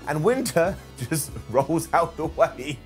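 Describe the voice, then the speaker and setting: A man delivers a jokey retro wrestling review in a raised, lively voice that swings up and down. He is sarcastic and animated and laughs at his own gags. Faint music plays under him. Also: fairly high pitch, slow pace. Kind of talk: comedic retro review commentary.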